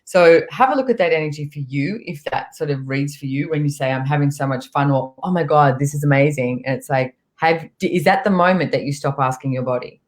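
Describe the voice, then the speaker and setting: A woman speaking as a guest in a relaxed conversation, telling stories and voicing what her body says. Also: low voice, a little fast, few pauses. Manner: relaxed, storytelling, acts out her body's voice. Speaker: guest facilitator. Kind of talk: casual chat.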